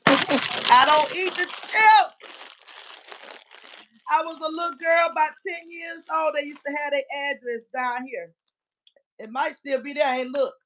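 Brash, profane woman livestreamer, higher voice. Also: fairly even intonation, moderate pace, a little hiss or hum. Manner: brash and profane, frequent shouting. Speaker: livestream host reading chat. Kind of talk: casual livestream chat.

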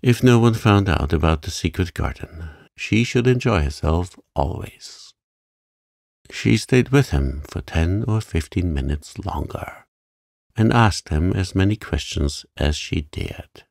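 A man reads a sleep story in a calm, gentle way. His voice is very low and gravelly, with a slow pace, and he is recorded close on a dry mic. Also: no echo.

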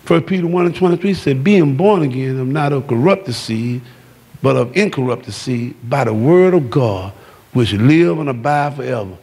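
A man preaching a sermon, shouting and calling out to the congregation in a church. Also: medium pitch, animated, moderate pace, gravelly, breathy edge. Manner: shouting, exuberant preaching with call-outs to the congregation. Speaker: pastor. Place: church sanctuary. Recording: long hall reverb.

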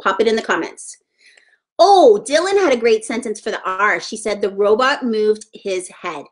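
A woman's voice: medium pitch, expressive, normal speed. A woman teaching a live online letters-and-sounds lesson to young children, encouraging and sing-song as she praises each child by name.

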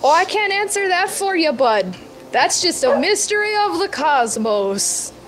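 A woman's voice: extremely high pitch, very animated, unhurried, full character voice, low-quality recording. A woman doing a folksy Midwestern ghost-deity lady. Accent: American Midwestern. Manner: folksy, rambling, keeps calling people bud. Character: chatty dead woman turned cosmic patron deity. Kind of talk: tabletop role-play in character.

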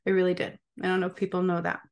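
This channel host, a spiritual healer, talks very fast to camera in a low-side voice with a completely flat delivery. Casual yet emphatic, she keeps throwing in rhetorical check-ins with her listeners.

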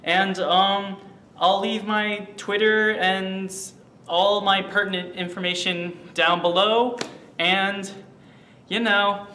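A man's voice: high-pitched, steady tone, slow, pushed and bright. A young man from New Jersey giving an upbeat, filler-heavy vlog sign-off. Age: young adult. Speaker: channel member.

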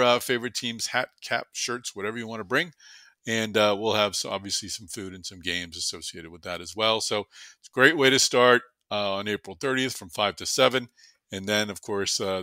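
A man's voice: lowish voice, pushed and bright, no echo. A man with a Boston accent hosting a podcast in an upbeat, casual way, with plenty of fillers. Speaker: podcast host.

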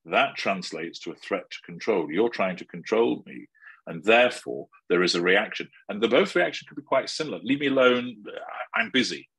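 A man being interviewed, explaining things in a measured, analytical way. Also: sits low, animated, creaky, fairly bright tone, husky, no echo, low-quality recording. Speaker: interview guest. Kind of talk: conversational interview.

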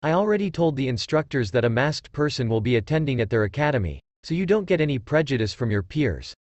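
A man's voice: mid-range voice, big pitch swings, fast, darkish tone, dry recording, highs cut off, natural voice. A man reading aloud, voicing a fatherly old village leader who is firm but pleading.

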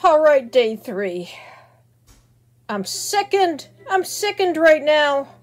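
A woman's voice: high-pitched, very animated, takes it slowly, faint music behind, heavily acted. A woman voicing a grumpy man who complains dramatically about running out of his favorite soda, in a homemade skit. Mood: desperate.

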